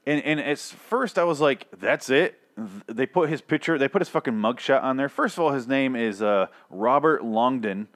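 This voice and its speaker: A man's voice: mid-range voice, lively intonation, normal speed, fairly bright tone. A man hosting a casual comedic rant, sarcastic and exasperated, swearing often.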